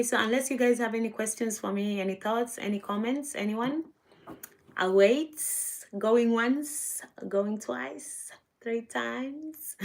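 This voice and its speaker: Slow, sleepy woman hosting a livestream. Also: lowish voice. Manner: unhurried, thoughtful, trailing off with "yeah". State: sleepy, low energy. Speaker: livestream host. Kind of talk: casual livestream talk.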